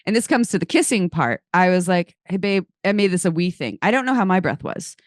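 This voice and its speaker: A woman co-hosting a podcast, chatting quickly and directly. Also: on the low side, lively intonation, no echo, studio quality. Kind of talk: casual podcast chat.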